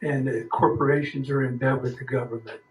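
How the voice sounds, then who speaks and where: A man's voice: medium pitch, fairly even intonation, fairly quick. Earnest man with folksy grammar. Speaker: roundtable speaker. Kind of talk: opinion talk. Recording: echoey room.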